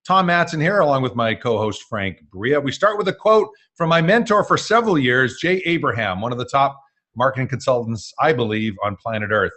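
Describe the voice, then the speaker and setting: A man's voice: mid-range voice, lively intonation, fairly quick, fairly bright tone. A man hosting a live webinar masterclass, talking in an upbeat, jokey way with fillers. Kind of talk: energetic presenting.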